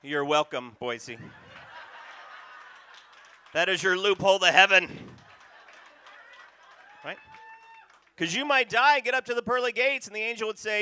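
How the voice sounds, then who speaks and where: A man performing a stand-up comedy set on a club stage, talking punchily and working the crowd loudly. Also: high-pitched, unhurried, pauses often, clean tone. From North Carolina, USA. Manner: punchy, loud crowd work.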